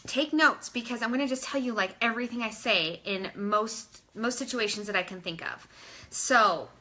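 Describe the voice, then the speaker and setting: A woman coaching her team, talking straight to her listeners in a loose, chatty way. Her voice sits a little high and rings bright and forceful. She sprinkles in "like" and "you guys" as she explains. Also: normal speed. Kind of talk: casual instructional talk.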